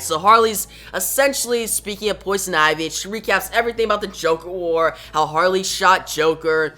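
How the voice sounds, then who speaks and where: A woman's voice: mid-range voice, sharp tone. Casual woman recapping a comic. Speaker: comic book reviewer.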